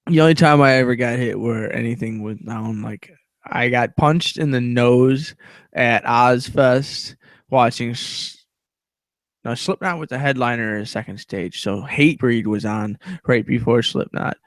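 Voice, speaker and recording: A man on a casual podcast telling a rough story bluntly, swearing and rambling with many fillers. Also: mid-range voice, measured pace, no echo. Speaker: podcast co-host.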